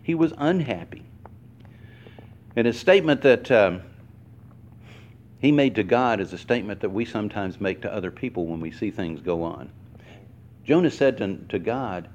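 A man preaching a sermon to a congregation, explaining word meanings slowly and stressing each word. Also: dull audio, a little hiss or hum. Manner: animated, acts out quoted lines with pitch swings. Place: church hall before a congregation.

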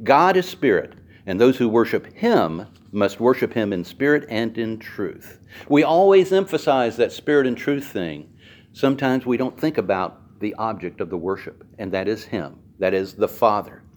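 A male preacher delivering a sermon, repeating key phrases and slowing down to stress words. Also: medium pitch, a little mellow.

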